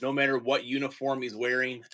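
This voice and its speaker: A man's voice: mid-range voice, level tone, fairly quick, sharp tone. A man hosting a casual livestream chat from home, easygoing and rambling. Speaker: teacher and card-collecting stream host.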